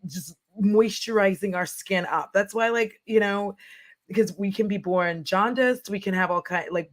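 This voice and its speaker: Young woman chatting on a livestream, super expressive, keeps laughing and acting stuff out. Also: medium pitch. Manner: animated, emphatic, laughs often, acts out quotes. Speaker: livestream host. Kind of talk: casual livestream chat reading comments.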